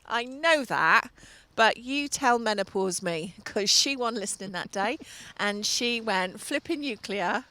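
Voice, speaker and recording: A middle-aged woman co-hosting a studio chat show, telling stories in a lively way and laughing often. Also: on the high side, measured pace, no echo. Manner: lively storyteller, laughs often, acts out voices. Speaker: TV show co-host and fitness business owner. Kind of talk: chatty anecdote on a studio show.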